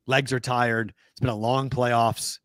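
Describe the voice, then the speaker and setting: Chatty Boston sports co-host. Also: male voice, mid-range voice, measured pace, no echo. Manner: animated, thinks aloud and corrects himself. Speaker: sports betting show co-host. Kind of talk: casual sports talk.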